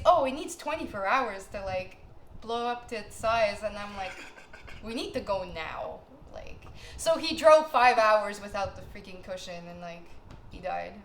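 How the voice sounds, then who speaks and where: Young woman podcast co-host, chatty and laughing, echoey room recording. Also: mid-range voice. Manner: animated, laughing storyteller full of "like". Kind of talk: casual storytelling chat. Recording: echoey room, faint noise.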